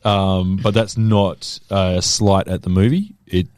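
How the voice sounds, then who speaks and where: A man's voice: low-pitched, steady tone, slow pace, a little mellow, no room sound, studio quality. A man co-hosting a movie podcast, laid-back and blunt, agreeing with short replies. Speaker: podcast co-host. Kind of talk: casual chat.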